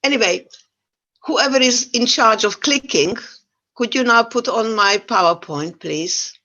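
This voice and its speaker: A woman's voice: on the high side, measured pace, muffled recording. Older woman with a Central European accent. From Yugoslavia. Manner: animated storytelling with wry humor. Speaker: guest speaker. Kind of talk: talk to an online audience.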